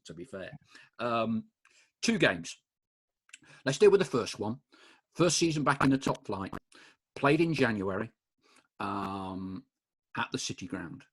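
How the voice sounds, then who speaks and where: A man's voice: medium pitch, husky. A man hosting a supporters' podcast, asking questions in an eager, enthusiastic way. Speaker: podcast host, club supporter. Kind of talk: casual interview.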